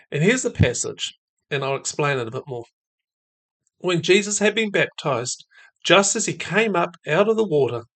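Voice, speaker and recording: A man giving a reflective devotional talk on faith and mental health, musing aloud with fillers and soft laughs. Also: a little high.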